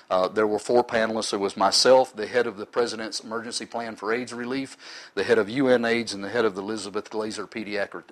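A man's voice: mid-range voice, fairly bright tone, poor audio. A middle-aged man in ministry giving an earnest, sometimes emotional personal testimony to a live audience.

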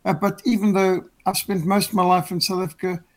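A man with a Rhodesian English accent, a podcast guest explaining in a measured way with frequent ums. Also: high voice, level tone. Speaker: guest commentator. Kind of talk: casual podcast chat.

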